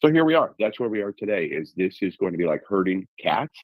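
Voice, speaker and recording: A man from Alaska, a guest on a talk show, telling his story in an animated way with colorful comparisons. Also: low voice, fast talker, dry recording, dull audio. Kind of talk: conversational interview.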